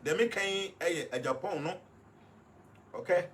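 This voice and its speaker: A man with a Ghanaian accent talks casually as a life coach and moves between English and Twi. His voice sits a little high for a man, and he often restarts and fills pauses. Faint noise hums behind him. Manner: repeats and restarts with many fillers. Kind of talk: casual talk.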